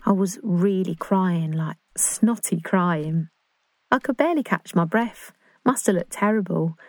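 A woman's voice: on the low side, measured pace, dry recording. An actress playing an earnest, awkward young woman in love. She speaks in a chatty, confiding, self-conscious English voice in a dramatic monologue. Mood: fond.

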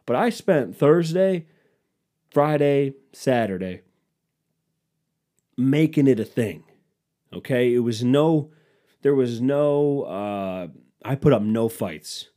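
This is a man talking through a one-man podcast, his voice dark and mellow and sitting at a middle pitch. He tells stories in a loose, profane way, jabbing sarcastically at whoever annoys him and acting out what others said in mocking quotes. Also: animated, slow, long pauses. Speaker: podcast host. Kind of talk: casual solo podcast monologue.

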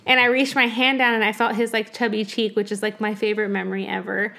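A young woman casually telling a personal story in conversation, animated and laughing often. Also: medium pitch, fast, creaky.

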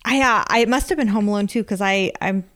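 Young woman, podcast co-host, casual chat, laughs a lot, medium pitch, animated storytelling. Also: fast talker. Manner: chatty, laughs often, animated retellings.

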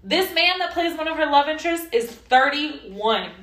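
A woman's voice: sits high, lively intonation, normal speed, fairly bright tone. A woman in casual chat who laughs easily and fills her talk with "like". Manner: chatty, laughs easily, frequent "like" fillers. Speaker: podcast co-host. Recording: roomy echo.

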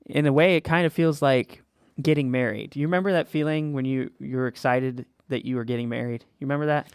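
A man in mid pitch hosts a casual faith podcast, earnest and encouraging as he tells stories. His voice sits close and dry on the mic, with no room sound at all. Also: a little fast, clear, resonant tone, dry recording. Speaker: podcast host.

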